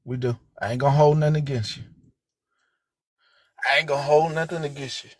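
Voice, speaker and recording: A woman hosting a livestream, ranting with heavy profanity and swinging between low, muttered lines and shouted outrage. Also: steady tone, fairly quick, dry recording. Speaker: livestream host. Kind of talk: heated livestream rant.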